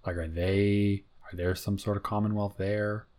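A man's voice: on the low side, level tone, normal speed, darkish tone. A man co-hosting a podcast in casual chat, talking loosely with lots of fillers and frequent laughs. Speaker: podcast co-host.

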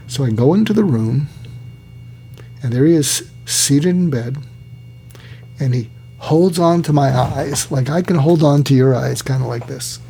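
Male psychiatrist, gravelly voice, storytelling delivery, acts out quoted voices. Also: mid-range voice, measured pace, mellow, slight background noise. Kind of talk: storytelling talk.

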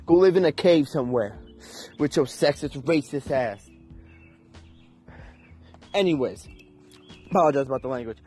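A man's voice: mid-range voice, lively intonation, normal speed, long pauses, dark tone, faint music behind. A young man ranting in an unscripted, heated and profane way, with emphatic delivery. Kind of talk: unscripted rant.

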